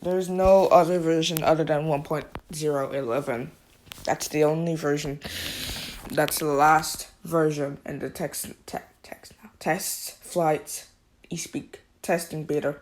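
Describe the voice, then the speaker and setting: A woman giving a casual spoken app review, talking in a halting, informal way and often restarting her sentences. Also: low-pitched, slight background noise.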